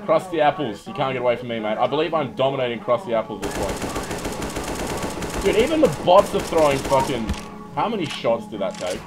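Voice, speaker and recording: A man's voice: medium pitch, sing-song, fairly quick, low-quality recording. A young man giving casual live commentary over a shooter game, swearing freely and yelping when things go wrong. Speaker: streamer. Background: game music and gunfire.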